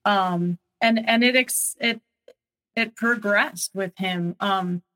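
A woman's voice: medium pitch, a bit bright, rough recording. Woman, young adult, interview guest, hesitant, many restarts, mid-range voice. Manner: halting, many fillers and restarts. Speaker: guest sharing her story. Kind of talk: personal testimony interview.

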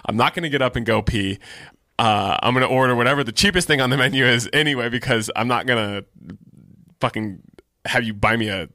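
A man's voice: medium pitch, fairly quick, sharp tone, no echo, clean studio sound. A man co-hosting a podcast about his clothing shop, talking in a laid-back way, swearing freely and laughing often. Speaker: podcast co-host and shop owner. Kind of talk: casual chat.

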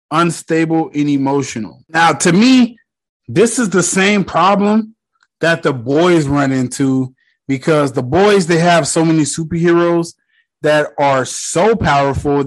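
Man, somewhat high-pitched, casual movie recap, profane, excited retelling. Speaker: movie reviewer.

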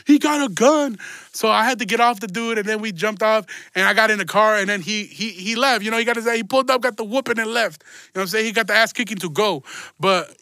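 A young man with a high, bright voice hosts a podcast and tells a story in loose, slangy, profane talk, laughing as he goes. The sound is dry and close, with no room around it. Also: smooth, no echo. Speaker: podcast host. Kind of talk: casual storytelling.

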